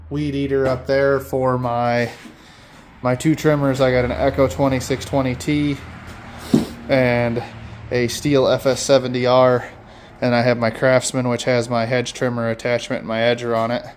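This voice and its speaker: A man from Michigan giving a casual walkthrough of his lawn service equipment, talking haltingly with many fillers and self-corrections. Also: mid-range voice, little pitch movement, a little hiss or hum.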